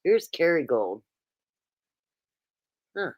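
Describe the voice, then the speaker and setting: A woman's voice: low-pitched, very animated, drawn-out words, a little mellow. A woman hosting a casual livestream, chatting and reading viewer comments aloud. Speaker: livestream host.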